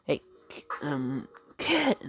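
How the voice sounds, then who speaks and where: A woman's voice: deep voice, sing-song, slow, a bit bright, exaggerated voice. A woman voicing a laid-back male pirate captain who talks in an offhand, teasing way. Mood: exasperated.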